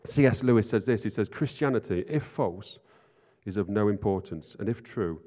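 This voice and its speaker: A man's voice: fairly low pitch, animated, moderate pace, dark tone. A man preaching an informal sermon, chatty and self-deprecating, often asking "right?". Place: church hall. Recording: lo-fi sound in a reverberant hall.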